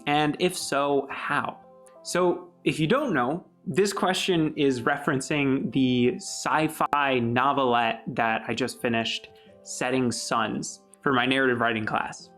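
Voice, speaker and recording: A young man answers viewer questions in an easygoing, chatty way, laughing often. His voice sits at an ordinary middle pitch. Light music plays quietly underneath. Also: slow pace. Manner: chatty, upbeat, laughs easily. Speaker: YouTube creator. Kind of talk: casual Q&A monologue.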